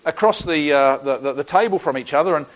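A man's voice: a little high, fast, low-quality recording. Folksy Australian man preaching. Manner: conversational, folksy, with frequent restarts. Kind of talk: sermon with personal storytelling.

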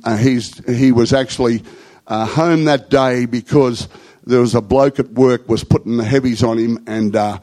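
A man's voice: medium pitch, mellow, low-quality recording. Rambling Australian man telling stories. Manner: rambling conversational storytelling with slang. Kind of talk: anecdotal talk to a group.

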